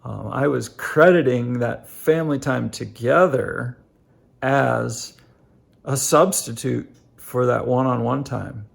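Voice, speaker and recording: A middle-aged man talking straight to his viewers in a casual, reflective monologue, halting and full of fillers. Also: medium pitch, creaky, husky. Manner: halting, many fillers and restarts; earnest, addresses viewers directly. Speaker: family life vlogger.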